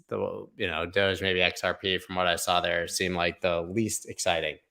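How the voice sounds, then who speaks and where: A man's voice: sits low, bright, forceful tone. A male host giving casual, jokey livestream commentary on market charts, thinking aloud as he rambles from one chart to the next. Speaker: crypto market analyst host.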